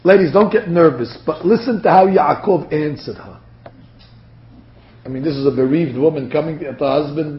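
A man's voice: on the high side, normal speed. A man teaching a Torah lecture to a class, acting out the quotes as he goes. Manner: animated, acts out quotes. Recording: dull lo-fi lecture recording.

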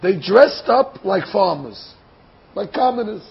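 A man teaching a sermon through an animated story, acting out the dialogue and repeating phrases for effect. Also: sits high, takes it slowly, vocal fry, slightly rough, lo-fi sound.

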